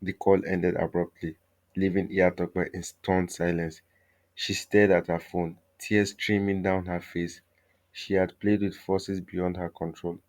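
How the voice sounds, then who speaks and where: A man narrating a scripted folktale in a steady, measured storytelling manner. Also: low-pitched.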